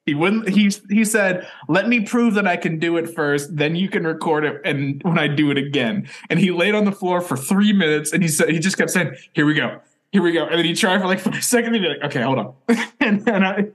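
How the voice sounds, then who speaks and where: Man, podcast co-host, casual chat, joking, quick asides. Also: sits high. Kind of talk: casual chat recapping a TV episode.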